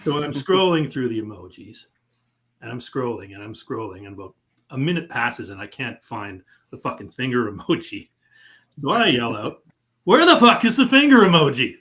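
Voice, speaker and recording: A man with a mid-range voice co-hosts a casual podcast. He tells stories in an animated, profane way, with laughter mixed in. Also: mid-range voice, moderate pace. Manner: animated, swears freely, laughs while telling stories. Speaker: podcast co-host.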